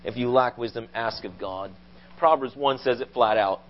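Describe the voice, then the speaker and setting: Man preaching an animated sermon. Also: mid-range voice, normal speed, highs cut off. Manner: animated storytelling, rising to loud acted quotes. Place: church.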